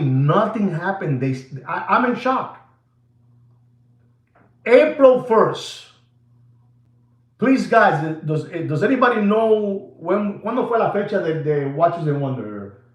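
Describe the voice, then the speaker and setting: A man hosting a watch channel, ranting theatrically to his viewers and slipping into asides. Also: sits high. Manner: excitable, theatrical, slips into Spanish asides. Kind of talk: animated rant to viewers. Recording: roomy echo.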